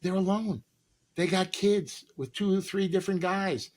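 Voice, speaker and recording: Husky guy spinning big showbiz stories, acts out all the voices. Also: high voice, normal speed. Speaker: guest, actor and comedian. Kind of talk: animated storytelling.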